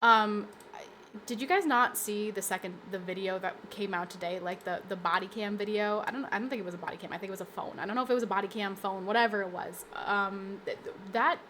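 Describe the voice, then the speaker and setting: A woman's voice: mid-range voice, fast talker, fairly bright tone. A woman hosts a casual live stream from home, speaking in a mid-range voice. She talks emphatically and with strong opinions, laughing often and breaking off into restarts and asides to her chat. A faint background noise sits under her voice. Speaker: livestream host.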